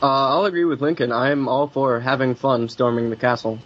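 A man answering as a panelist in a measured, hesitant way, often repeating words. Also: mid-range voice, steady tone, dull audio. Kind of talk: panel discussion.

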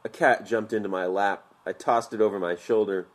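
Deep-voiced man narrating a story. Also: steady tone. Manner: measured, vivid storytelling. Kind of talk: audiobook narration.

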